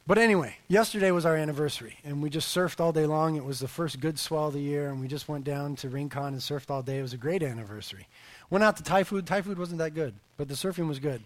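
A man in his thirties, a pastor preaching a sermon and telling family stories in an animated way, his voice swelling for emphasis. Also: a little high, fast.

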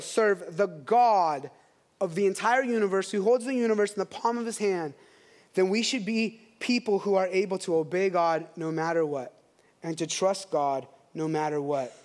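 Pastor, 30s, male. High voice, animated sermon storytelling.

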